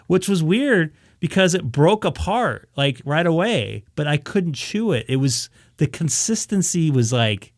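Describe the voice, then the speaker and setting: A man with a voice on the high side tells a casual story on a ham radio live stream, unhurried and with few pauses. He is animated, acts out his own reactions, and restarts many times; the recording is dry and studio quality.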